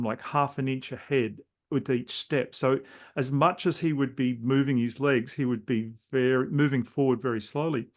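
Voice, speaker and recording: Male host, gravelly voice, meandering reflective chat, conversational interview tone. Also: medium pitch. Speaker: podcast host.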